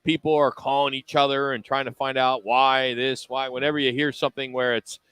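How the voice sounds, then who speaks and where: A man's voice: medium pitch, flat delivery, a little fast, fairly bright tone, smooth, no room sound, rough recording. A man hosting a live sports radio show, chatting upbeat and loose with plenty of fillers. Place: broadcast from a restaurant.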